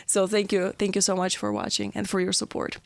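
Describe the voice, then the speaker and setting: A woman hosting a podcast interview in a studio, her voice hoarse, chatty and laughing often. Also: medium pitch, little pitch movement, a little fast, no echo. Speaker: podcast host.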